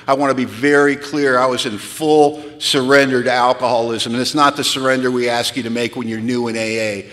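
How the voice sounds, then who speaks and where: Guy from california sharing his recovery story, bright voice, big hall echo. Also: steady tone, a little fast. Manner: candid, wry storytelling that drops low and quiet, then rises to pleading intensity. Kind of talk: recovery talk at a retreat. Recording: long hall reverb.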